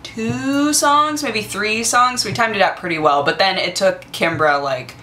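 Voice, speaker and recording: A young woman in her twenties chatting casually to the camera on her vlog, gushing and excitable with lots of fillers. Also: mid-range voice, a little slow, a little hiss or hum. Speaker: vlogger.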